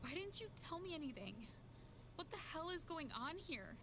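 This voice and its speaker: A woman voicing an upset young woman in a game who demands answers, heard quietly through the game audio. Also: extremely high pitch, very animated, moderate pace, noisy background, exaggerated voice. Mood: demanding.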